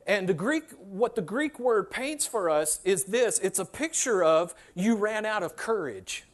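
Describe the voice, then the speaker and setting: A man with a high voice delivers a sermon in a church sanctuary. He keeps it conversational and repeats his key phrases for emphasis. He slips into everyday voices to act out what people say. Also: animated, a little slow. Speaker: pastor.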